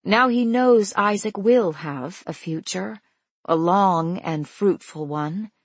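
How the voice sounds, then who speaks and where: A woman narrating a scripted story in a gentle, unhurried way. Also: medium pitch, husky, no room sound.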